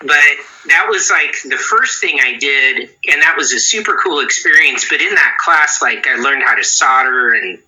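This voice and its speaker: A man's voice: mid-range voice, animated, normal speed, hardly any pauses, pushed and bright, poor audio. A man around forty, a guitar pedal builder, giving rambling interview answers with many restarts.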